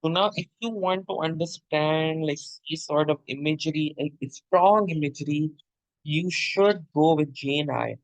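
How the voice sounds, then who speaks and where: A man's voice: fairly high pitch, unhurried, dry recording, highs cut off. A male literature teacher giving an explanatory lecture, repeating points and checking in with "okay?" and "my dear.". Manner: addresses listener as "my dear".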